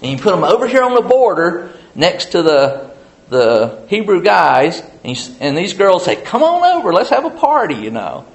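A man voicing a greedy, scheming prophet in a retold Bible story, coaxing and eager, a bit higher than his usual voice. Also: huge pitch swings, moderate pace, exaggerated voice, poor audio.

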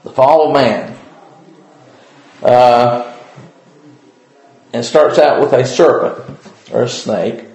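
A man giving an informal Bible study, talking with frequent pauses and "uh"s as he thinks aloud. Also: medium pitch, vocal fry, darkish tone, echoey room, poor audio. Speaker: Bible teacher.

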